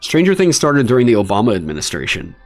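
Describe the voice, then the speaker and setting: A man hosting a livestream, talking casually and swearing in exasperated, animated rants. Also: medium pitch, fast. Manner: animated, profane ranting with exasperated asides. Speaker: streamer hosting a dungeon design stream.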